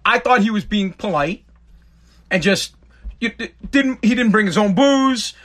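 A man's voice: high voice, a little slow. A man hosting a talk show, telling a casual story in a rambling way with many restarts, and reading viewer comments aloud. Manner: animated when quoting others in the story.

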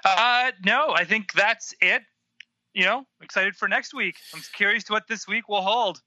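A man's voice: sits high, moderate pace, bright, forceful tone, no room sound, muffled recording. A man co-hosting a casual chat podcast, agreeable, with short replies and blunt jokes. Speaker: podcast co-host.

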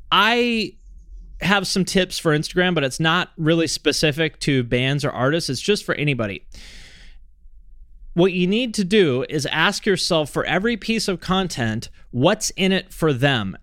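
A man hosting a podcast, answering listener questions in a relaxed, rambling way with lots of fillers. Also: on the high side, no echo, clean studio sound. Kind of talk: casual chat.

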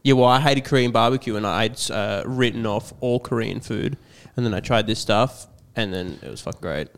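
A man's voice: fairly low pitch, normal speed, gravelly, clear, resonant tone. A man in a casual podcast chat, blunt and laid-back, swearing casually. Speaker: podcast co-host.

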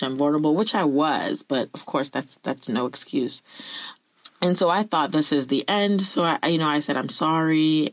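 A woman's voice: sits low, dry recording. A woman telling a personal story to her viewers in an earnest, confessional way. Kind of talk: candid personal storytelling to camera.

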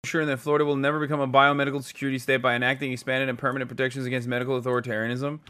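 A man in his thirties hosting a live stream, profane and mocking in loud rants. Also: medium pitch, little pitch movement, racing. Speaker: streamer host.

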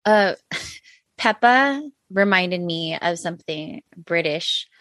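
A woman's voice: on the low side, expressive, slow, a bit bright, no echo. Dry-voiced woman telling a story. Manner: laughing storyteller. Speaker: podcast co-host. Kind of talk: casual chat.

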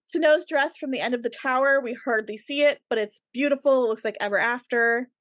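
A woman's voice: a little high, brisk, a bit bright, no room sound. A woman co-hosting a casual podcast, enthusiastically listing her favorite costumes with frequent giggles. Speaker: podcast co-host. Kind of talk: casual chat.

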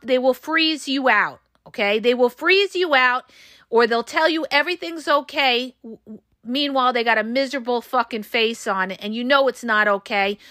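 A woman's voice: a little high, a bit bright, no room sound, clean studio sound. A woman hosting a solo podcast, talking passionately and bluntly to her listeners, with emphatic delivery. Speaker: podcast host and coach.

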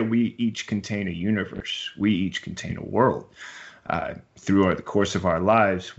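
Deep-voiced, measured male interviewer. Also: fairly bright tone. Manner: measured, reflective, storytelling. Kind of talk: reflective conversational interview. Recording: dull lo-fi recording.

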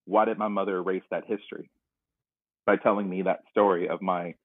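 A man's voice: deep voice, little pitch movement, brisk, dry recording. A man from North Carolina, a podcast guest, telling his personal story in an earnest, reflective way. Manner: earnest, reflective, retells scenes. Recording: dry, narrow phone-like line.

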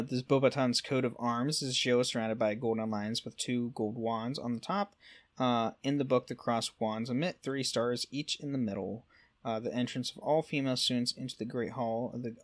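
A man's voice: medium pitch, fairly even intonation, moderate pace. A man co-hosting a casual podcast, reading through lore notes with frequent fillers and self-corrections. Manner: reads notes with frequent fillers and self-corrections, stumbles over French words. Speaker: podcast co-host.

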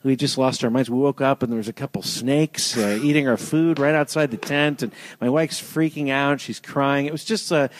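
A man in his thirties hosting a casual chat, teasing his guest and telling animated stories. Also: medium pitch, normal speed, hardly any pauses. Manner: teasing, animated storytelling, acts out voices.

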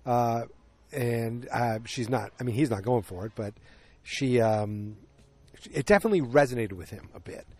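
A man's voice: mid-range voice, normal speed, a little mellow, no echo. A man in his forties casually recapping a TV episode, with lots of fillers and opinionated asides.

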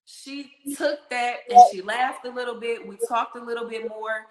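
A woman telling a story in casual podcast chat, animated and blunt, acting out the voices of people in it. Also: on the high side, moderate pace, heavy background noise. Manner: animated, acts out quoted voices, swears. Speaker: podcast guest. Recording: roomy echo.

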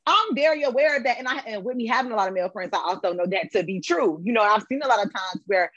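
Podcast guest, woman, higher voice with a husky edge, dull muffled sound. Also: animated, quick pace, fairly bright tone, no room sound. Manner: conversational, repeats filler words. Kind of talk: casual podcast chat.

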